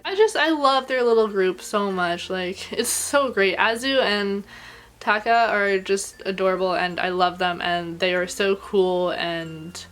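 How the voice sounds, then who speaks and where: A woman talks through her review in a loose, gushing way, with "like" dropped into nearly every phrase. Her voice sits in an ordinary middle register but climbs higher when she gets emotional. The delivery is casual and unscripted, like talking to friends. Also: fairly bright tone. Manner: chatty and gushing, heavy use of "like". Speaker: anime reviewer.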